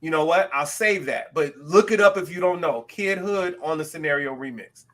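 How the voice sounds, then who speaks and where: A man from the West Coast of the US co-hosting a podcast in casual chat, talking animatedly with quick self-aware asides. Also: a little high, fairly bright tone. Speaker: podcast co-host.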